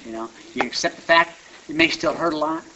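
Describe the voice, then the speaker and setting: A man's voice: a little high, wildly swooping pitch, fairly quick, crowd noise. A man giving a rambling, conversational personal testimony at a recovery meeting. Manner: conversational, rambling with restarts and asides. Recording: dull lo-fi recording with faint hiss.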